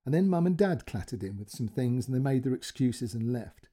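A male storyteller reading a short story aloud with expressive, emotional narration. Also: medium pitch, brisk.

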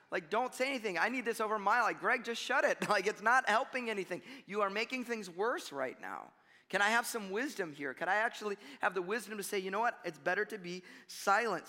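A man delivers a sermon with a high-pitched, bright voice. He talks casually, tells stories and chuckles at himself. His words echo with a long reverb through a hall. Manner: conversational, storytelling with self-deprecating laughs. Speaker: pastor.

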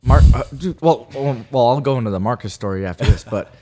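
A man's voice: medium pitch, fairly quick, dark tone, a little hiss or hum. Rambling man telling stories. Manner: rambling, lots of fillers and laughs. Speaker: podcast co-host. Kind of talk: casual storytelling chat.

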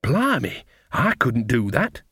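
A man's voice: mid-range voice, wildly swooping pitch, slow, a bit bright, breathy edge, no echo, studio quality, heavily acted. A man reading an audiobook, voicing a chatty, homely old witch woman. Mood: cheery.

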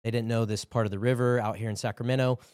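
A man's voice: mid-range voice, steady tone, quick pace, darkish tone, clean tone, dry recording. Earnest dude sharing his prayer testimony, ordinary mid voice, gets preachy, dry sound. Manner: earnest storytelling, building to preaching. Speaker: podcast guest. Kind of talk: testimony and exhortation.

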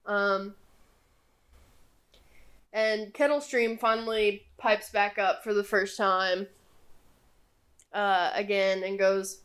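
Slow-talking young woman game master. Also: medium pitch. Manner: relaxed, with many fillers. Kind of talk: narrating a tabletop game.

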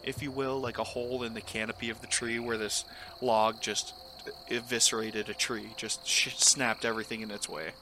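A man's voice: lowish voice, level tone, normal speed, pushed and bright, a little hiss or hum. A man running a tabletop game as game master, narrating loosely with lots of fillers. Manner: casual, filler-heavy narration.

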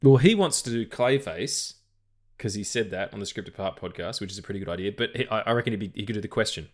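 A male podcast co-host chatting about films in a loose, rambling way. His voice sits a little low. He swears freely and often trips over his words and restarts. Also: animated, fast. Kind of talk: casual chat.

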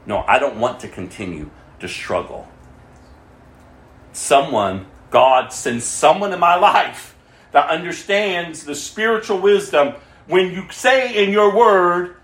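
A man giving a fervent sermon testimony, swinging from loud exclamations to low, hushed tones. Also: takes it slowly, roomy sound.

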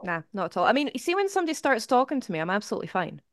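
Scottish woman, smooth voice. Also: medium pitch, very animated, rapid-fire, fairly bright tone, no room sound, clean studio sound. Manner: self-deprecating, laughs often. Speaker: podcast guest, YouTube album reviewer. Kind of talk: casual chat.

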